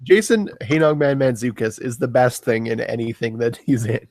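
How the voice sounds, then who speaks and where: A man's voice: medium pitch, animated, moderate pace, darkish tone. Laid-back profane young podcast guy. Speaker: podcast co-host. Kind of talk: casual movie chat.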